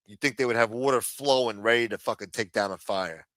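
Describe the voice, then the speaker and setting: A man's voice: fairly low pitch, a little fast, a bit bright, no room sound. A middle-aged man from the United States hosting a livestream, ranting angrily and swearing constantly. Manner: profane, angry ranting. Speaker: show host. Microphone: streaming microphone.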